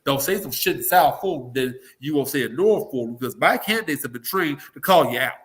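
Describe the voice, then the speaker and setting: A man with a slightly high, bright voice and lively intonation rattles off his views quickly, barely pausing. He's a talk radio personality guesting on a political show, delivering blunt, emphatic takes peppered with swearing and impressions of those he quotes.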